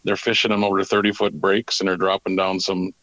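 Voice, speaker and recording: A man's voice: low voice, monotone, brisk, fairly bright tone, no echo, poor audio. A man who owns a tackle company, answering interview questions in a plain, matter-of-fact way.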